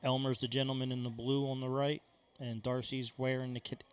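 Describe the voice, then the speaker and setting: A man giving live color commentary at a darts tournament, casual and quick with joking asides. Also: medium pitch, little pitch movement, clear, resonant tone.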